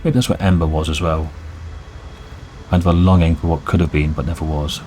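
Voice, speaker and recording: A man's voice: rumbling low, flat delivery, fairly quick, background noise. A man reading the lines of a jaded nobleman looking back on youthful infatuation, in a dry, wistful way. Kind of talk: reading game dialogue aloud.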